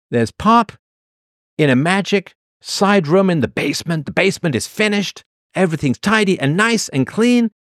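A man's voice: medium pitch, dry recording, studio quality. A man from England telling a rambling comic story, sardonic and full of exaggeration.

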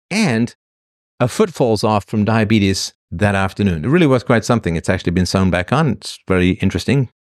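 A man's voice: medium pitch, dry recording, studio quality. A man from England telling a rambling comic story, sardonic and full of exaggeration.

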